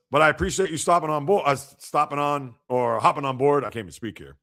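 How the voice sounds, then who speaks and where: A man hosting a live sports podcast, reacting to news and reading out viewer comments in an animated, chatty way. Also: on the high side, quick pace, hardly any pauses. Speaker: podcast host.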